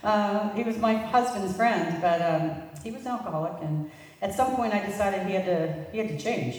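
A middle-aged woman sharing a personal recovery testimony with an audience, telling her story in an animated way and laughing at herself. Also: mid-range voice, normal speed. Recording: echoey hall, mic far off.

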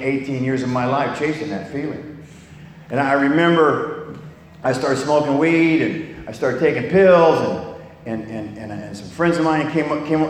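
An older man from California telling his life story in a blunt, candid way, swearing freely and often restarting his sentences. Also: medium pitch. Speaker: speaker sharing a recovery story. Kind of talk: personal testimony talk. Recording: echoey hall, long reverb, faint noise.

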